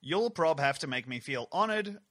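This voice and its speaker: A man's voice: fairly high pitch, lively intonation, normal speed, a bit bright. A man co-hosting a comedy podcast, reading listener requests and reacting playfully. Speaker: podcast co-host. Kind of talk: casual comedy podcast chat.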